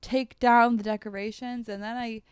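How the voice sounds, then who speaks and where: Young female podcast host, higher-pitched and smooth, chatty confessional delivery. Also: flat delivery, moderate pace, dry recording, studio quality. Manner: candid, laughing, self-deprecating storytelling. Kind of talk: casual chat.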